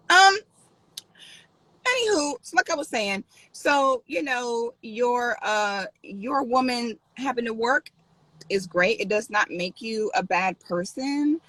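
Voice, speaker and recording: A woman talking in a casual livestream vlog, animated and sassy. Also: on the high side, slow pace, poor audio. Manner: animated, sassy, exaggerated outbursts. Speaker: vlogger.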